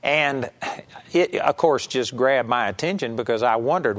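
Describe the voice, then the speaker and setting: A man's voice: medium pitch, unhurried, fairly bright tone. A man with a Texan accent giving an earnest, folksy sermon as a Bible teacher. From Texas. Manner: folksy and earnest, acts out mock prayers. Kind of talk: conversational sermon.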